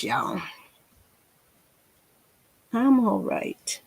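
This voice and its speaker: A woman's voice: medium pitch, sing-song, slow, gravelly, pauses often, slightly rough, dry recording. A woman, chatting folksily to viewers and herself while teaching a painting tutorial. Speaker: painting instructor.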